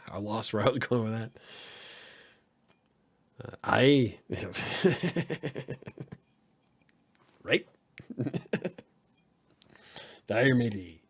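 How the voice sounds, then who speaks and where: A man's voice: fairly low pitch, lively intonation, very slow, pauses often, breathy edge. A man hosting a casual live-stream podcast, joking around and laughing often as he answers the chat. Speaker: podcast host; editor.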